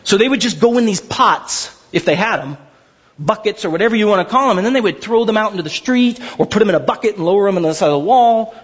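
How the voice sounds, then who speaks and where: A man preaching a sermon as pastor, animated and swinging between excited high asides and slow low emphasis, stumbling over repeated words when worked up. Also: slightly rough, lo-fi sound.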